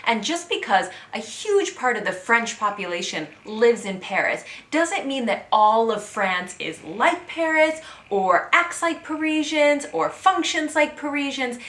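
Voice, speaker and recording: Bright-voiced American woman vlogger. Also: a little high, echoey room. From United States. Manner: chatty, candid, animated. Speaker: vlogger living in France. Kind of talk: casual chat to camera.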